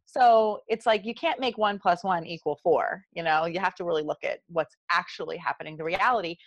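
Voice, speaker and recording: Speaking a little fast in a fairly low voice, this woman in her forties has a South Jersey accent and works as a meditation guide. She talks earnestly and with animation in a podcast interview, working through examples. The recording is dry and muffled.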